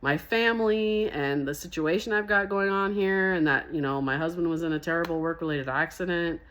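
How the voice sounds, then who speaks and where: A young woman telling a story in a casual vlog, animated and sassy, laughing often between lines. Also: fairly low pitch, brisk. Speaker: vlogger.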